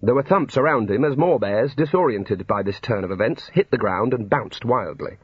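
A man's voice: mid-range voice, expressive, moderate pace, husky, no echo. A man narrating a comic fantasy novel in a dry storytelling manner. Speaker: audiobook narrator. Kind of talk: scripted narration. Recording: dull lo-fi recording.

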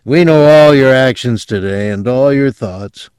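A man voicing a calm, commanding police officer who speaks in a measured, authoritative way, in an audiobook reading. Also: medium pitch, clear, resonant tone, no room sound, voice pushed up, close to an everyday voice. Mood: matter-of-fact.

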